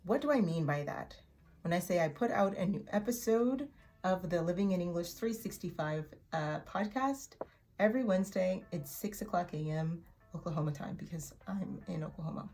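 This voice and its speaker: A woman teaching an English vocabulary lesson in a chatty way, repeating words slowly for learners to echo. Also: on the low side, animated, darkish tone, soft background music. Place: in Oklahoma.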